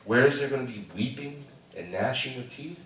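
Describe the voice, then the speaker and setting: A middle-aged man preaches a sermon in a church, his voice bright and ringing, jumping from loud, animated exclamations to quiet, hushed asides. He is picked up from a distance, so the sound carries a strong echo of the hall. A faint hiss of room noise sits underneath. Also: mid-range voice, fairly quick. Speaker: pastor. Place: church sanctuary.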